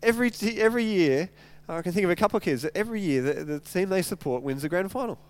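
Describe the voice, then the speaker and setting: A man's voice: high voice, fast. A man preaching a sermon, retelling scripture in casual everyday language with lots of stumbles and repeated words. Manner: animated storytelling, retelling scripture in casual speech. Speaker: pastor.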